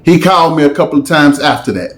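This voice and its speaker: Animated man telling a story. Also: on the high side, fast. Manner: animated, slangy storytelling with dramatic asides. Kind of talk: casual storytime.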